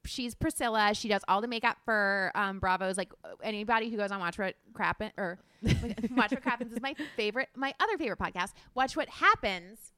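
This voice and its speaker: A woman's voice: mid-range voice, fairly quick, a bit bright, clear, resonant tone, no echo, clean studio sound. A woman in her twenties co-hosting a podcast, rambling and giggly with crude humor. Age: 20s. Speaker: podcast co-host. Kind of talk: casual chat.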